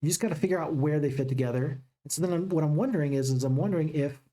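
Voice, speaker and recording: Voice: medium pitch, racing, warm tone. A gaming channel host giving upbeat, casual let's-play commentary and chatting with viewers.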